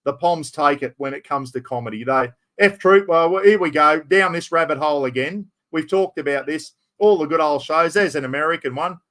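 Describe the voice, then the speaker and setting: A middle-aged man with an Australian accent chats on a live stream, telling loose stories. He drops "mate" and mild swearing throughout. His voice sits a little high for a man. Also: a little fast, few pauses, fairly bright tone. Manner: rambling, storytelling, sprinkles "mate" and mild swearing. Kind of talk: casual chat.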